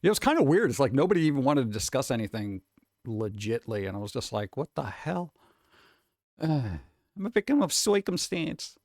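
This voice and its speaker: A man's voice: medium pitch, sing-song, fairly quick, darkish tone, no room sound, studio quality. A man in his forties, a streamer rambling casually and answering chat, swearing and chuckling often.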